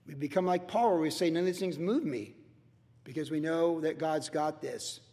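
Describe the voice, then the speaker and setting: A man's voice: on the high side, normal speed, warm tone, big-room sound. A male pastor teaching a verse-by-verse sermon in a loose, conversational way, repeating himself for emphasis. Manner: conversational, repetitive, acts out worried voices.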